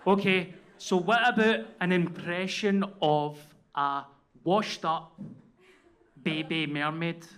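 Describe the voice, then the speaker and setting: A man's voice: a little high, fairly even intonation, slow pace. A Glaswegian man telling a story as a comedian on stage, sweary and self-deprecating, often asking "right?". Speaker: comedian guest. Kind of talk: live stand-up storytelling. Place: comedy venue. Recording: live room with loud crowd and noise.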